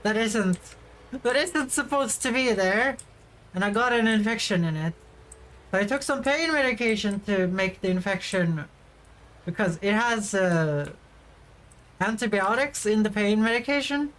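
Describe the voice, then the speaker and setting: A woman streamer with a mid-range, somewhat bright voice and lively intonation chats casually at a measured pace while playing a farming game. She rambles on and now and then bursts out in frustration during the livestream.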